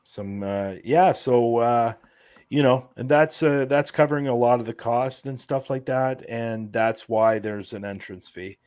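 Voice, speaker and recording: A man's voice: mid-range voice, a little slow, darkish tone. A man talking as a guest on a casual podcast, laying things out in a loose, rambling way and padding his sentences with fillers. His voice sits in an ordinary middle register, and it sounds dry and close, with no room echo. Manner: rambling, explaining, many fillers. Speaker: guest, event organizer.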